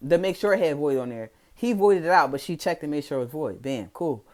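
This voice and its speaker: A man's voice: a little high, expressive, a little fast. A young man with a Philadelphia accent telling a casual, profane, slang-heavy story to his followers. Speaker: vlogger.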